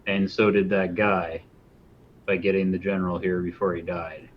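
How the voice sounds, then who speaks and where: Low-voiced hesitant man, muffled mic. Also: level tone, moderate pace, a little hiss or hum. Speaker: player.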